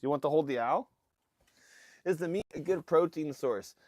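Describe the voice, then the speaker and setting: A fishing-boat livestream host from Alaska tells his chat a relaxed story, slipping into his family's voices as he goes. His fairly high voice has a darkish tone at normal speed, and the phone stream carries slight background noise.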